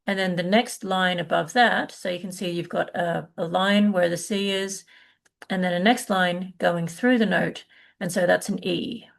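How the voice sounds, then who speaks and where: A woman's voice: fairly low pitch, steady tone, normal speed, gravelly. A middle-aged woman teaching a live online music lesson, explaining patiently with many fillers and restarts.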